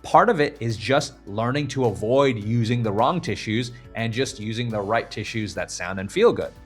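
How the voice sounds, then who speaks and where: A man teaching a scream-technique lesson, explaining clearly and stopping now and then to demonstrate screams. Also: mid-range voice, expressive, moderate pace, soft background music. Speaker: vocal coach. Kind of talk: instructional video lesson.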